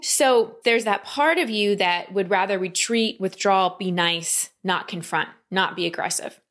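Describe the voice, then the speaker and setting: A woman coaching a client in a calm talk, often slipping into quoted inner voices. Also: medium pitch, unhurried. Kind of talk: coaching session.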